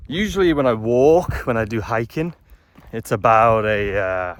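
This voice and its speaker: A man's voice: medium pitch, a little slow. A man vlogging from a windy mountain trail, slightly out of breath, chatty and frustrated. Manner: chatty, frustrated, self-deprecating. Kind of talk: casual vlog narration while hiking. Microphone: phone camera held while walking. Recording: faint wind noise outdoors. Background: wind noise.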